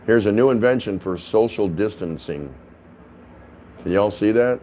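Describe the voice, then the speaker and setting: In a casual talking-head vlog filmed indoors in his apartment, a man rambles and chats, full of restarts and fillers. His voice is on the low side, mellow and a little slow, with slight background noise.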